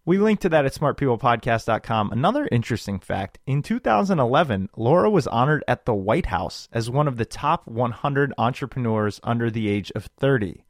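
A man in his thirties hosting a podcast, introducing the episode in a chatty, animated, self-joking way. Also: mid-range voice, a little fast, few pauses, no echo, clean studio sound. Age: 30s. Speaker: podcast host.

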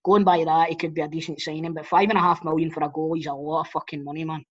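A man's voice: on the high side, level tone, fast, slightly rough. A Scottish man hosting a football podcast, chatting bluntly and swearing freely. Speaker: podcast host. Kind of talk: casual football chat. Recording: dull lo-fi audio.

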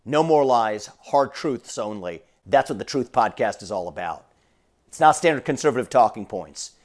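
A man's voice: mid-range voice, animated, moderate pace. Blunt man reading a podcast promo. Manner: blunt, punchy. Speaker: podcast ad announcer. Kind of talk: promo read.

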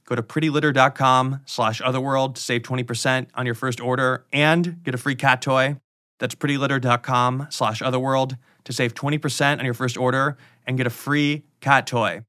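A podcast host reading a sponsor ad in a casual, chatty way. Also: male voice, mid-range voice, a bit bright, dry recording, clean studio sound. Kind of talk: host-read ad.

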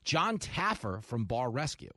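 Male radio personality, casual joking guest, middle pitch. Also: big pitch swings, a bit bright, no room sound, studio quality. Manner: joking, quick banter. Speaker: show host appearing as guest. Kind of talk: casual studio chat.

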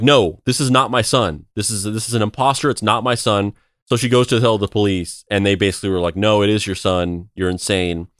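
Low-voiced man retelling a story casually. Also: no echo, clean studio sound. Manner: rambling, many restarts and filler words.

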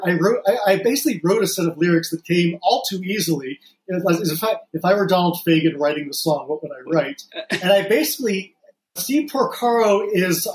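A man's voice: sits high, reverberant, rough recording. A man guesting on a podcast, telling anecdotes in casual conversation. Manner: chatty storyteller, quick anecdotes.

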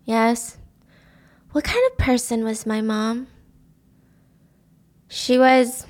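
Female host, casual plot recap, slightly high voice, dramatic character voices. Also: extremely slow, pauses often. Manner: animated, acts out character lines in high voices.

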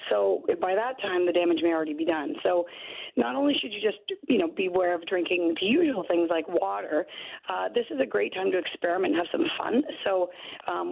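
Gravelly-voiced woman on a phone line. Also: on the low side. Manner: upbeat, explanatory. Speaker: dietitian guest. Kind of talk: radio interview.

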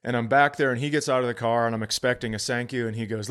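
A middle-aged man spins a comic story on a podcast, voice jumping up with excitement and dropping to mutters. He swears freely and mimics the people he talks about. His pitch sits in a middle range. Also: fast, clear, resonant tone. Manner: animated, swearing, voices others in quotes. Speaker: podcast co-host, comedian. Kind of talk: casual storytelling chat.

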